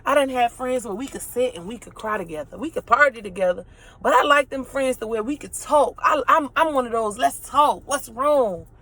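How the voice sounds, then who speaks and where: A young woman in her late twenties speaks straight to her listeners in a heartfelt motivational monologue. Her voice sits a little high, and she is earnest and preachy, circling back over the same phrases for emphasis. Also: animated, a little fast, sharp tone. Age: late 20s.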